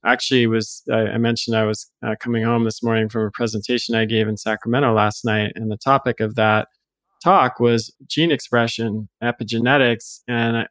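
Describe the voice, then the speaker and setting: Guy, health expert guest, calm explainer vibe, dry close mic, nothing behind. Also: mid-range voice, no echo. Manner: explanatory, measured, with small restarts. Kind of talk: conversational podcast interview.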